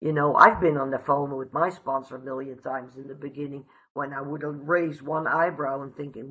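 A woman's voice: a bass voice, fairly even intonation, normal speed, few pauses, a bit bright, lo-fi sound. A woman from the Netherlands giving a heartfelt, candid personal recovery share, swearing freely. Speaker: recovery meeting speaker.

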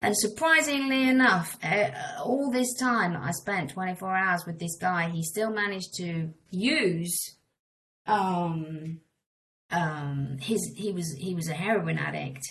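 A woman's voice: lowish voice, fairly bright tone, a little hiss or hum, rough recording. A middle-aged woman tells her life story in a frank, meandering way, often restarting her sentences. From England. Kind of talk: candid personal storytelling.

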